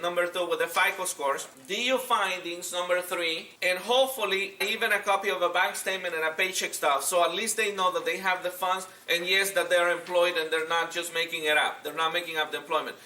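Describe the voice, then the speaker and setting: A man's voice: high-pitched, bright, forceful tone, echoey room, far from the mic. A man teaching a real estate seminar, speaking directly and often repeating himself as he acts out calls with agents. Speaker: real estate and mortgage instructor.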